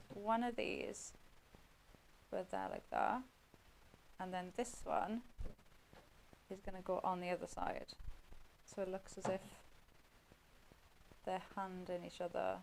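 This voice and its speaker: A woman's voice: medium pitch, flat delivery, unhurried, creaky, long pauses, slight background noise, poor audio. A woman giving a chatty running commentary while demonstrating a craft on live TV.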